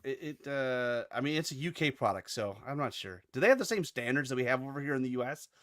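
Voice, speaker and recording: A man's voice: medium pitch, lively intonation, fast talker, a bit bright. An American man hosting a podcast in casual chat, upbeat and rambling with many restarts. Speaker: podcast host.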